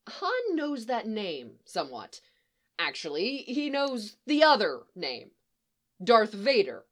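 Woman narrating a story, animated pitch. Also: measured pace. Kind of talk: storybook reading of fan fiction.

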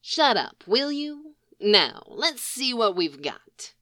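Woman reader playing a dry, teasing male thief; slow, mild drawl. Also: on the high side, sing-song, a bit bright, dry recording, voice pushed up, full character voice. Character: dry sly man, mild mocking thief.

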